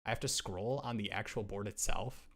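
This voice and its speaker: A young man with a lowish voice talks through a fantasy football draft on a live stream. He is excitable and rambling, and often trips over his own words and restarts his sentences. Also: moderate pace, vocal fry. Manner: excitable, rambling, self-interrupting. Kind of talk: casual live-stream chat.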